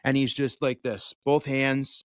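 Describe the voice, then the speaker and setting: Animated man telling a story on a podcast. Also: mid-range voice, a little slow, dry recording. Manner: animated storytelling, acts out voices, swears. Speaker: podcast co-host. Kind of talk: casual chat.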